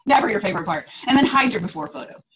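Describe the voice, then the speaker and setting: A woman's voice: mid-range voice, noisy background. A middle-aged woman fitness coach on a group call, talking in a chatty way, laughing often and acting out her clients' reactions.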